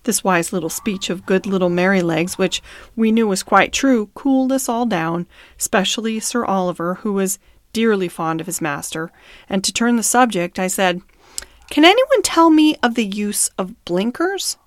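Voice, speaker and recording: A woman narrating a classic storybook as an audiobook reader, in a clear, measured reading. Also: mid-range voice, no room sound, studio quality.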